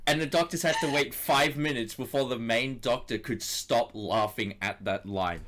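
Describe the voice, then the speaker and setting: A man's voice: medium pitch, moderate pace, fairly bright tone, slight background noise. A young man hosting a podcast, talking casually in long, rambling stretches with hesitant restarts. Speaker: podcast host. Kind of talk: casual chat.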